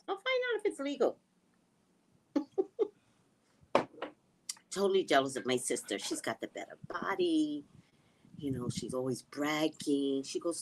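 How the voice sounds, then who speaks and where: A middle-aged woman hosting a casual livestream, chatting and reading viewer comments, animated with hushed asides. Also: on the high side. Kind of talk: casual live chat.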